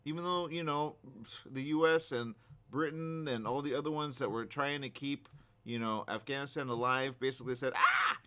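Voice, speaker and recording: A man's voice: mid-range voice, normal speed, clear, resonant tone. A man hosting a radio talk show, giving opinionated news commentary in an emphatic, repetitive way. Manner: animated, emphatic, repeats himself.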